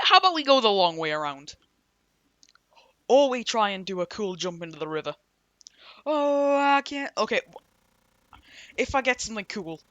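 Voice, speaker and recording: A man's voice: sits high, a bit bright, no room sound, dull audio. A man with an English accent giving casual, rambling, jokey commentary over a game playthrough. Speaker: gameplay streamer. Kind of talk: casual let's-play commentary.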